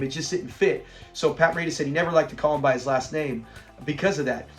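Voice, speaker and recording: A man's voice: a little high, quick pace, soft background music. A middle-aged man casually reviewing a sitcom episode, retelling scenes with laughter. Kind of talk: casual commentary.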